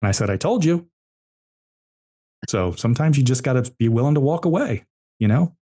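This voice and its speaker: Fast and animated, the entrepreneur guest tells his business stories on a podcast with real force, circling back to repeat key ideas. His medium-pitched voice has a dark tone.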